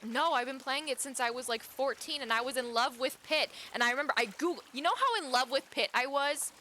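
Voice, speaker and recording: A young woman chatting casually with her viewers as a live streamer, chatty and quick to get excited, laughing often. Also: high-pitched, a little hiss or hum.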